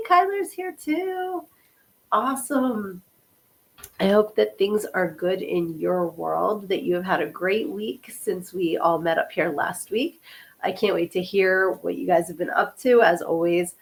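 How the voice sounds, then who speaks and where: A mid-range-voiced woman in her fifties, a podcast host and author, runs a casual livestream podcast while hoarse from a cold. She chats with her viewers in a friendly, apologetic way.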